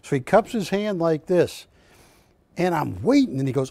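In a TV studio, a man hosts a live shopping channel show, rambling through anecdotes about the art he's selling and correcting himself along the way. His voice is slightly high and sing-song with vocal fry and a darkish tone, at a moderate pace, recorded with no room sound.

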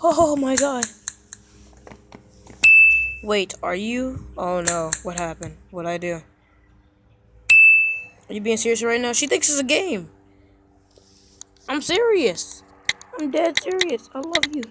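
A woman playing a texting game and reading its chat lines aloud in casual commentary, with animated, playful reactions. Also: fairly high pitch, slow pace, pauses often. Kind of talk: casual let's-play commentary. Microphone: phone microphone via screen recorder. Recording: loud noisy phone screen recording with clicks.

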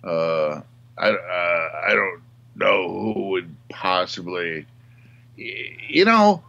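A male comedian guest in casual chat, halting and hesitant. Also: deep voice, animated, gravelly, bright, forceful tone. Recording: dull lo-fi audio.

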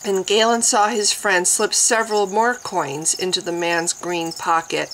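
A woman reading a fantasy novel aloud in a slow, deliberate narration. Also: fairly low pitch, fairly even intonation, fairly bright tone, slight background noise, low-quality recording. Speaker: audiobook reader.

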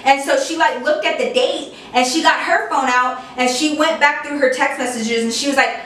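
A young woman casually telling a storytime, chatty and animated, with lots of "like" fillers. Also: high-pitched, moderate pace. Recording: echoey room, voice a bit distant from mic.

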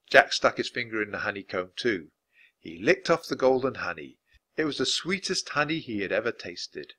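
Male storyteller for a children's book read-aloud, bright and lively, expressive delivery. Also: lowish voice, moderate pace. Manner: expressive, animated narration. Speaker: dad reading aloud.

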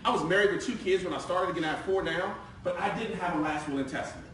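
Fast, bright-voiced man presenting. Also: high voice, a little hiss or hum. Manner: lively, joking, conversational storyteller. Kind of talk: live sales presentation. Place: meeting room with audience. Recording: very echoey room from far off.

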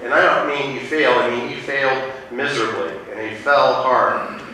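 A man's voice: medium pitch, fairly even intonation, moderate pace, sharp tone, a little hiss or hum. A male pastor preaching a sermon and telling stories in a rambling way, with many fillers and restarts. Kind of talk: sermon with storytelling. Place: church sanctuary. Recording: distant mic in an echoey church.

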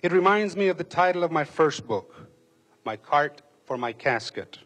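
Husky man reading a memoir aloud. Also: fairly high pitch, expressive, normal speed, fairly bright tone. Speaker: reader. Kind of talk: dramatic reading of a memoir passage.

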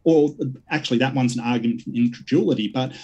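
Husky aussie guy debating hard, rattles off complaints, mic a bit far sometimes. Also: mid-range voice, fast, darkish tone, lo-fi sound. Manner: combative, listing accusations. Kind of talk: debate closing statement. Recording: distant mic at times.

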